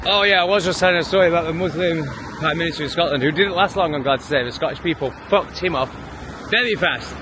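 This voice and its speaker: High-pitched sweary English man ranting. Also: fast, background noise. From England. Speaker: vlogger. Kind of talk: profane opinion rant.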